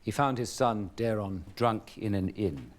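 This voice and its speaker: A wise prince with an elegant RP English accent. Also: male voice, lowish voice, animated. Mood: grave. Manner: elegant and measured. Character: wise, measured royal prince.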